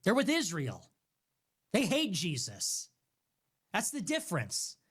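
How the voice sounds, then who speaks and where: Man, political commentary rant, emphatic, accusatory, very lively pitch. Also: slow, breathy edge.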